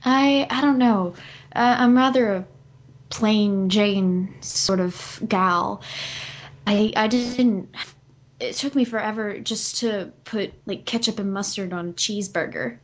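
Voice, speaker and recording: Female guest, Southern US accent, mid pitch, laid-back and giggly. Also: slow. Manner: giggly, easygoing, self-deprecating. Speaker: guest, voice actress. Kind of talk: casual interview chat.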